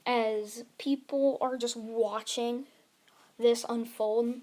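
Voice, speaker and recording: A woman improvises a fan-fiction story, rambling and restarting as she goes. She talks slowly in a fairly high voice, narrating action scene by scene. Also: fairly even intonation, darkish tone. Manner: rambling, with many restarts and fillers.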